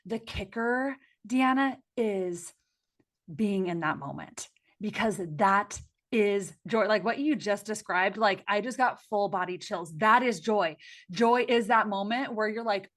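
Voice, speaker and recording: A woman's voice: medium pitch, unhurried, a bit bright. A woman guest in a casual podcast interview, speaking reflectively and expressively with many filler words.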